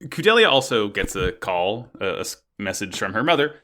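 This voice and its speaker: A man co-hosting a podcast, chatting casually and agreeably about anime, quick to laugh. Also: lowish voice, sing-song, bright, forceful tone. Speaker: podcast co-host.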